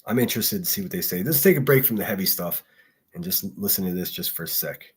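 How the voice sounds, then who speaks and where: Husky guy w faint pittsburgh accent rambling on his livestream, cussing a lot. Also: low-pitched, animated, fast talker. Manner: profane, rambling, chatty with frequent fillers. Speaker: livestream host. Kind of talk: casual solo livestream commentary.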